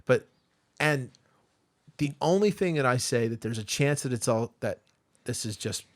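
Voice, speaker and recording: A man co-hosts a podcast in a relaxed, conversational way. He asks questions, often restarting mid-phrase. His pitch is ordinary and middling. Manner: hesitant, questioning, halting phrasing. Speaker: podcast co-host. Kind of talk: casual chat.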